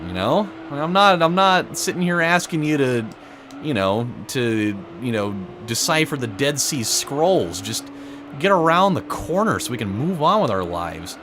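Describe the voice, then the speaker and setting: A man's voice: medium pitch, big pitch swings, a little slow, background noise. A man casually commenting on his racing game, rambling through a story full of "like" and "you know". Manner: rambling, storytelling, frequent fillers. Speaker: let's play host.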